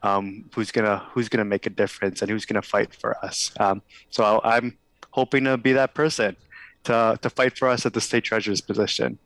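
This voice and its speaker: A man's voice: fairly low pitch, level tone, a little fast, a bit bright, dry recording, low-quality recording. A man running for state office, answering interview questions earnestly and hopefully over a video call. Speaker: political candidate guest.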